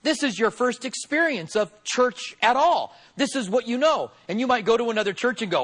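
A man with a high-pitched voice delivers a sermon to his church. He preaches in a relaxed, conversational way, with small fillers and restarts. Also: normal speed, few pauses. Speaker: pastor.

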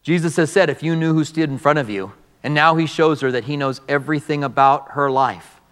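A man pastor preaching a verse-by-verse sermon, telling the story with animated delivery and acting out the dialogue. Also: fairly high pitch, a little fast, smooth, big-room sound.

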